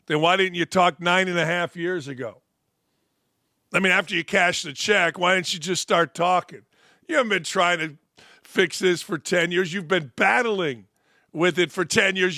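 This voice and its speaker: Blunt, combative high-voiced male sports host. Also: moderate pace, pushed and bright, no echo, clean studio sound. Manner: blunt, combative, profane, sarcastic. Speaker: sports talk show host. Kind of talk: opinionated sports commentary rant.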